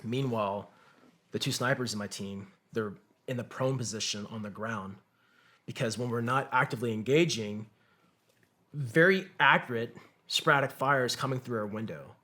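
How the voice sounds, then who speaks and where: A man's voice: mid-range voice, moderate pace, pushed and bright. A combat veteran, a man, telling his war story as a podcast guest, swearing freely and acting out what others said. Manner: profane, vivid war storytelling; acts out quotes of others. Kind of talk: storytelling in conversation.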